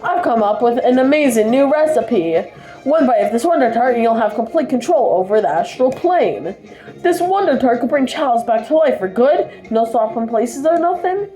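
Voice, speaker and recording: A woman voicing a theatrical male cartoon chef in a slow, put-on accent. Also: on the high side, expressive, mellow, echoey room, soft background music, voice pushed up, natural voice, low-quality recording. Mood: scheming.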